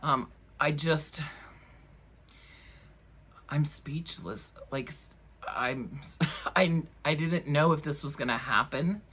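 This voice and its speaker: A woman's voice: sits low, takes it slowly, pauses often, a bit bright, slightly rough. A woman hosting her own craft channel, talking casually to camera from her crafting room at home, chatty and emotional, laughing often.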